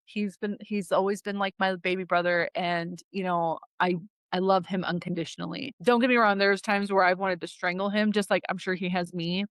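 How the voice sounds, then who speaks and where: A woman's voice: lowish voice, clean tone, no echo, studio quality. Chatty young woman telling family stories. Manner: chatty, many "like" fillers, quotes voices. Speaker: podcast guest, daughter. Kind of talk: casual storytelling chat.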